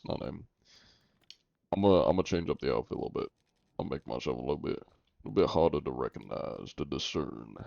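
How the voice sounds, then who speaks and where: A male game streamer with a very low, gravelly voice, chatting in a relaxed, joking way. His tone is mellow and dark. The sound is close and dry but dull, like lo-fi stream audio. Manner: laid-back, joking, reacts to chat. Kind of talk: casual live stream chat.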